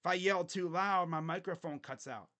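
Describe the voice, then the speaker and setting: A man with a high-pitched voice hosts a casual sports livestream from his home setup, talking into a desk microphone. His tone is grumbling and sarcastic, and he swears offhandedly as he chats. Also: normal speed, sharp tone.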